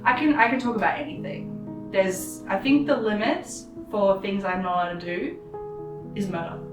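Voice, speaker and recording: A woman's voice: medium pitch, normal speed. Hesitant woman, roomy and distant. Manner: thoughtful, hesitant, with fillers. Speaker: interviewee. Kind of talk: candid personal interview. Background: guitar music.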